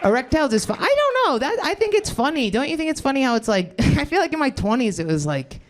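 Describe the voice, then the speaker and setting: A woman in her thirties does crowd-work stand-up on a club stage, rambling, cutting herself off, and laughing at her own jokes. Her voice is high-pitched, sing-song, and fast.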